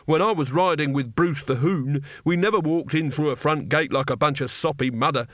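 A man voicing a crude, belligerent old male barbarian, gruff and growling. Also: fairly high pitch, normal speed, no echo, studio quality, natural voice. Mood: grumbling.

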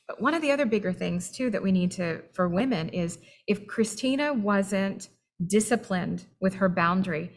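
A woman's voice: medium pitch, expressive, moderate pace. A woman co-hosting a faith-based talk, supportive and earnest as she speaks straight to listeners. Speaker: webinar co-host. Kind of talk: candid faith-based conversation.

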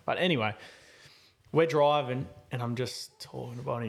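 A man hosting a podcast, telling a story in a casual, animated way and acting out his own lines. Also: mid-range voice, normal speed, slight background noise. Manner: animated, acts out his own quotes loudly. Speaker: podcast host.

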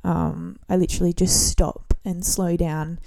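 A woman in her twenties hosting a solo podcast, talking casually in a relaxed, rambling way with frequent ums and restarts. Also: fairly low pitch, measured pace, gravelly. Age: 20s. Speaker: podcast host.

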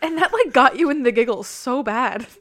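A woman co-hosting a casual podcast, trading fast jokes and laughing easily. Her voice is bright and forceful and sits a little high. She keeps the banter quick and playful. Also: expressive. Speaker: podcast co-host. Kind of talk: casual wrestling recap chat.

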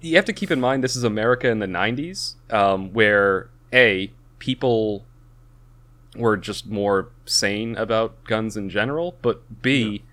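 A man chatting casually about a movie he watched with friends, retelling scenes with animated acted-out lines. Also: fairly low pitch, measured pace. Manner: animated retelling, acts out characters. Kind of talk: casual movie review chat.

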